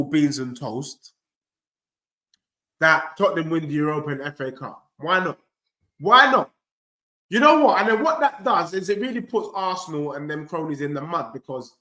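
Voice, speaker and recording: A young male streamer running a football watchalong banters with his chat, addressing viewers directly with cocky trash talk. His voice is fairly high pitched with a sharp tone.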